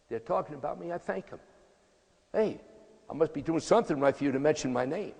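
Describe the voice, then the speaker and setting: A man's voice: a little high, vocal fry. A man in his eighties giving a motivational speech in a punchy, emphatic, folksy way. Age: 80s. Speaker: motivational speaker, tennis coach. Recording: echoey hall reverb.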